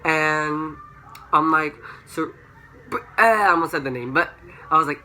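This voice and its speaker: Young guy rambling a nightmare storytime to his camera, kinda high and super bright voice, faint hum behind. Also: unhurried. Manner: rambling, full of "like" fillers; excited, rises to high-pitched shrieks when quoting himself. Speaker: vlogger. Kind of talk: storytime vlog.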